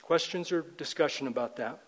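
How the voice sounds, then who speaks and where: Older guy preaching to a men's group, earnest and pushy, voice a bit high, big hall echo. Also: a little fast, a little hiss or hum. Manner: earnest, emphatic, repeats words. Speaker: teacher. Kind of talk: sermon-style teaching to a men's group.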